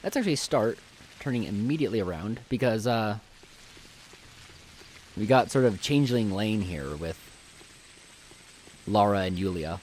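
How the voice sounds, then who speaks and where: Male streamer, lower voice, loose joking live commentary over his game, desk mic. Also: lively intonation, moderate pace, long pauses, a little mellow, a little hiss or hum. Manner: chatty, jokey, thinks aloud while playing.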